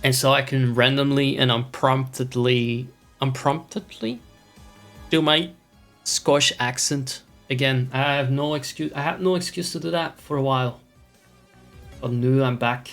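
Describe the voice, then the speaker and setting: A man's voice: medium pitch, fairly even intonation, unhurried, vocal fry, a bit bright, soft background music. A man streaming a video game, chatting with viewers in a rambling, wry way, swearing and putting on mock-imperious airs. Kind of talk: casual gameplay chat with viewers.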